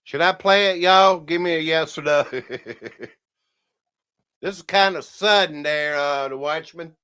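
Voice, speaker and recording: Male streamer, fairly high smooth voice, rambling casual chat with lots of chuckles. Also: a little slow, sharp tone. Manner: rambling, laughs often, talks to viewers as "y'all". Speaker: livestream host.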